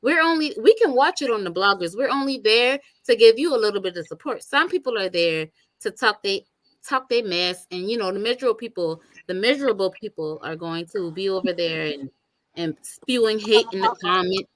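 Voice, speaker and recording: A woman's voice: mid-range voice, a little fast, no echo. Chatty woman gossiping, dry sound. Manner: chatty, animated slang. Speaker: host. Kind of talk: casual chat about online drama.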